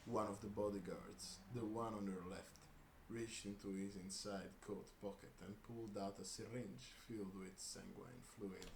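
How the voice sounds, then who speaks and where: Male reader, lowish voice, jokey asides, echoey home room. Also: fairly even intonation, moderate pace, creaky, few pauses, darkish tone. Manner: laughs and breaks off with asides. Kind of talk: comedic reading of a crude story. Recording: roomy room with faint hiss.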